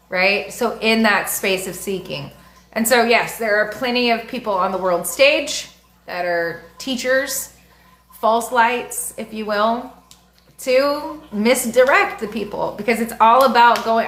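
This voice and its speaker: A woman's voice: a little high, a little slow, fairly bright tone, roomy sound. A woman astrologer teaching in a casual, frank, slangy way and laughing often. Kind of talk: casual spiritual teaching monologue.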